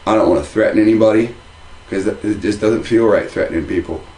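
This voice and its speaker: A warm-toned man with a lowish voice talks fairly quickly, giving a heated, meandering monologue on religion from his home. As a religious video commentator speaking casually to camera, he keeps restarting and repeating phrases. The recording quality is low.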